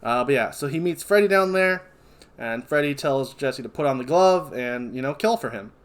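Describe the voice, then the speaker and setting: A man's voice: medium pitch, expressive, normal speed. Rambling casual man from Kentucky. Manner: rambling, loose recap full of fillers and self-corrections. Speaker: podcast co-host recapping a film. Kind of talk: casual chat.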